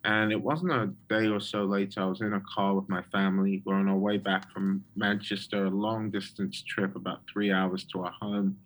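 A man's voice: low-pitched, level tone, moderate pace, hardly any pauses, rough recording. A man who is a guest and a prophet, telling his personal testimony with frequent ums and restarts.

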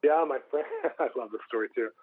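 Fast-talking young man on a phone-like line. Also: mid-range voice. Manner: animated, acts out the voices of people in his stories. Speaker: guest, pastor. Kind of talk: storytelling in an interview.

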